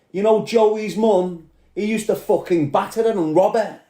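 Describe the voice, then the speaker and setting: A Scouse man rants and swears on a live stream, answering his commenters in a confrontational way. His voice sits a little high and mellow, and the room around him sounds echoey. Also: unhurried, few pauses. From Liverpool. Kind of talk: ranting live chat.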